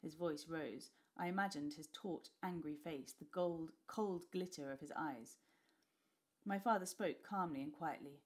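A woman teacher reading a class novel aloud with expressive storytelling. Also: low-pitched, measured pace.

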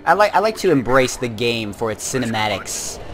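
Let's play guy, chatty and rambling, lively up-and-down voice, faint hiss behind. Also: medium pitch, a little fast. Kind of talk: casual let's play commentary.

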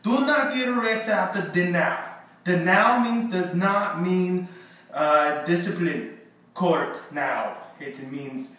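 A man's voice: sits high, slow pace, a bit bright. A man giving silly mock-stern rules in a goofy improvised skit, giggling as he goes. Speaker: youth group rule video presenter. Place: moving between rooms of a church building. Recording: roomy echo, far from the camera mic, faint room hiss.

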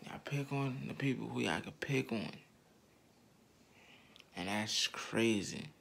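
A man's voice: mid-range voice, expressive, takes it slowly, creaky, a bit bright, a little hiss or hum. A man ranting in heated, slangy street talk straight at his viewers, repeating his points over and over. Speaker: online commentator.

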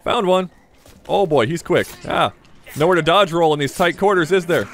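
A young man giving joking, excitable commentary while playing a survival horror game, talking to his viewers and swearing when startled. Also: on the high side, moderate pace. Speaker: gaming channel host.

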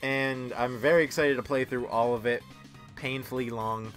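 A man's voice: mid-range voice, steady tone, moderate pace, fairly bright tone, soft background music. A young man giving casual, teasing commentary while playing a game he loves. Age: young adult. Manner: playful, teasing, enthusiastic. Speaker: let's play host.

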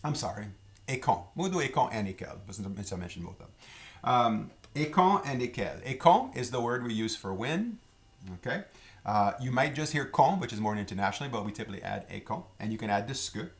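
A man's voice: medium pitch, very animated. Man teaching, repeating phrases. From Louisiana. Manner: repeats example phrases slowly and clearly, then translates. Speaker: language teacher. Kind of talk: casual spoken lesson.

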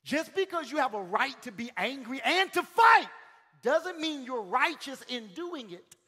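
A male pastor preaching a sermon in a church, calling out to the congregation, swinging from shouted peaks to sudden quiet lines. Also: very high-pitched, sing-song, measured pace. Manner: calls out to the congregation. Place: church sanctuary. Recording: long hall reverb.

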